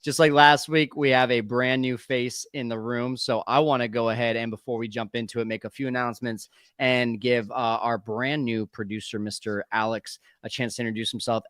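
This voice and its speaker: A man's voice: mid-range voice, a bit bright, smooth, no echo, studio quality. A man hosting a live sports talk stream, upbeat and chatty, calling his guests brother. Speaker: podcast host.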